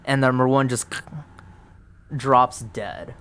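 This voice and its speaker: A man's voice: mid-range voice, fairly even intonation, takes it slowly, fairly bright tone, clear, resonant tone. A man casually narrating a solo tabletop game, thinking aloud through dice rolls with plenty of ums.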